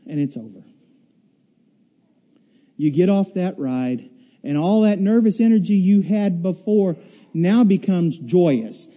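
Preacher guy, high voice but real mellow, acts out the story, then goes quiet and low for the point. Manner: animated storytelling, acts out riders' shouts and screams; drops to a quiet, low delivery for the sermon point. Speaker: pastor. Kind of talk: sermon.

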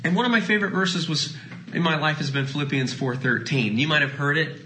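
A pastor preaching a sermon, swinging between lively emphasis and soft, drawn-out phrases. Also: male voice, high voice, a little hiss or hum, low-quality recording. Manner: dynamic preaching, drops to soft hushed phrases.

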